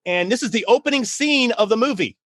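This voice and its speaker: A middle-aged man hosting a casual chat on writing, telling stories in an animated way with laughs and many restarts. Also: very high-pitched, fairly quick. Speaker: podcast host, writing coach.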